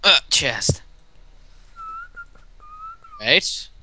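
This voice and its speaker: A cheeky man bantering over a game, his voice bright and slightly high, bouncing all over the place as he teases his friends. Casual and loose on a voice-chat mic. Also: sing-song, extremely slow, a little hiss or hum. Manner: cheeky, teasing, repeats jokes in silly voices. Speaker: gaming channel co-host. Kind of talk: casual Let's Play banter.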